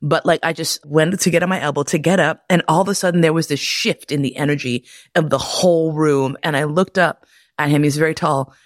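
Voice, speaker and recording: A woman hosting a podcast, telling candid personal stories in a profane, animated way and laughing often. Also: sits low, fairly quick, dry recording, studio quality. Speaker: podcast host. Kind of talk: candid personal storytelling monologue.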